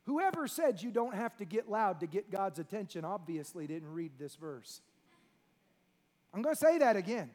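A pastor preaching a sermon, dropping to a hush and rising to shouts. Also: male voice, sits high, sing-song, brisk. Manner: preaching with sweeping swings from hushed to shouting.

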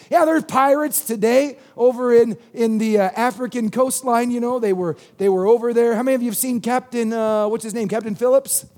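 Man, pastor, high-pitched, sermon, call-and-response, middle-aged. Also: brisk, hardly any pauses, darkish tone. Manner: call-and-response preaching, asks congregation to repeat.

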